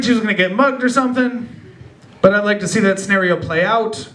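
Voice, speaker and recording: Young guy doing standup, highish voice, roomy club sound, crowd laughing. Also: noisy background. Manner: laid-back storytelling, puts on quick character voices. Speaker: stand-up comedian. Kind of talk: stand-up set. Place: small club with a live audience.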